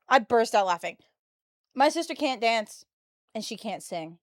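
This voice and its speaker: A woman's voice: high voice, normal speed, no room sound, clean studio sound. A woman of twenty-two, telling stories in casual, slangy chat to her stream viewers. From United States. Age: 22, early 20s. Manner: animated, chatty storyteller, slangy. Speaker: livestreamer.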